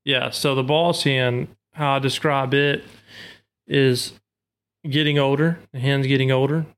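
A man's voice: mid-range voice, level tone, measured pace, fairly bright tone. A man in casual talk, patiently explaining duck-call technique step by step. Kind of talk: casual instructional chat.

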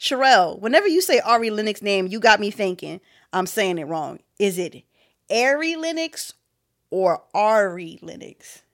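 A woman's voice: mid-range voice, brisk. A woman co-hosting a casual podcast, chatty and laughing often. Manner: animated, laughing, reads listener review aloud. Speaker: podcast co-host.

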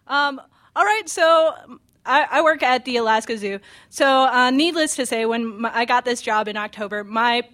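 A woman's voice: on the high side, normal speed, a bit bright. A young woman in her twenties from Pennsylvania telling a funny personal story on stage, chatty and self-mocking. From Pennsylvania, USA. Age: 20s. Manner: chatty, self-mocking, many ums and restarts.

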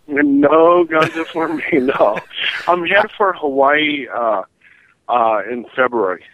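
A man's voice: fairly high pitch, slow pace, dry recording. A man calling in as a guest on a radio show, telling rambling stories with many restarts over the phone. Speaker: guest, paranormal investigator. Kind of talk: casual radio chat. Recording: tinny phone line.

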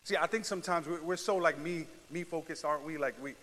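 A man preaching a sermon, talking back and forth with the congregation and building to loud, drawn-out shouted climaxes. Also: on the high side. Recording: long hall reverb.

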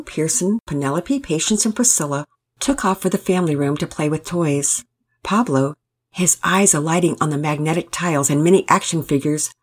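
A woman narrating a Christian family storybook in a gentle, expressive reading voice. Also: sits low, husky.

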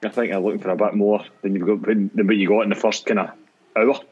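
A man's voice: fairly low pitch, steady tone, quick pace, darkish tone, husky, muffled recording. A man with a Scottish accent, co-hosting a casual football chat, hesitant and prone to repeating himself. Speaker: podcast co-host.

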